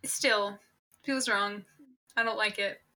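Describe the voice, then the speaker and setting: A woman's voice: medium pitch, steady tone, takes it slowly, pushed and bright. A woman co-hosting a podcast in casual chat, giving dry, teasing reactions to her co-host.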